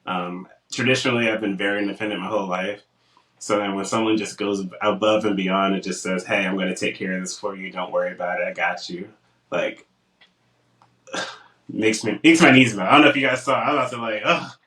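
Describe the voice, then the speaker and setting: A man's voice: on the low side, a little fast, echoey room, recorded from a distance, poor audio. A young man co-hosting a casual podcast, telling stories and acting out what people said to him. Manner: animated storytelling, acts out quotes. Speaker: podcast co-host.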